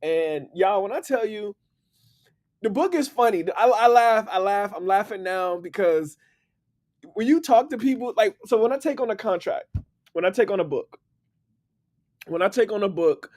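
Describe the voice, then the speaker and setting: A man with a DC accent hosting a casual livestream. His voice sits a little high and swings widely as he laughs and talks straight to his viewers, with plenty of energy. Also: animated, normal speed, long pauses, darkish tone. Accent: Washington DC. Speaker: livestream host and book writer.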